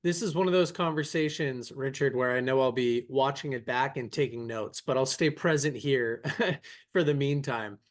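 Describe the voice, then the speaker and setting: A man's voice: medium pitch, normal speed. A young man from the United States hosting a podcast interview, earnestly telling a story about himself. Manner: earnest, tells a personal story. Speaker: podcast host. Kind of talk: casual interview chat.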